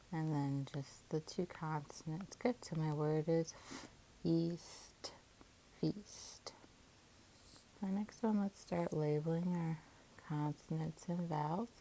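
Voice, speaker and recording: A woman teacher calmly walking through syllable division, sounding out each part of a word. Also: on the low side, a little hiss or hum, low-quality recording. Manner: calm, methodical, sounds out syllables. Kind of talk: phonics lesson, syllable division.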